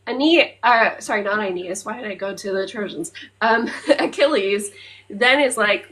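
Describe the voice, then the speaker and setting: Woman, podcast co-host, casual chat, mid-pitched voice, animated, swears a lot, fillers. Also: moderate pace, poor audio. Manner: animated retelling, often swears, fillers, loses her place.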